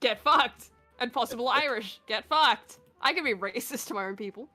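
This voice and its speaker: A woman chatting casually on a livestream, blunt and quick to swear, laughing between remarks. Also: fairly high pitch, bright, forceful tone, soft background music. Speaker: stream guest.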